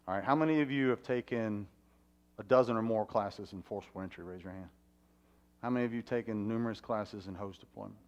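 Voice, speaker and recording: A fire chief speaking to a conference audience, animated and asking the room questions. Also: male voice, lowish voice, muffled recording. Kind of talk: conference talk. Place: conference hall.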